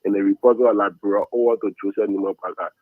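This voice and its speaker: A man's voice: lowish voice, steady tone, fast, no room sound. A man calling in to a talk show, firmly declaring his vote. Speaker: caller. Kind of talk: phone-in endorsement. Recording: tinny phone line.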